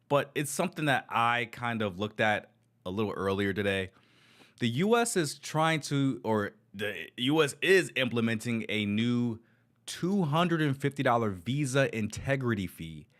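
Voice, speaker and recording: A man's voice: on the low side, a bit bright. A man hosting casual reaction commentary on travel news, slangy and loose, calling everyone bro. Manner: slangy, says bro a lot. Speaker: travel news streamer host. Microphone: desk microphone.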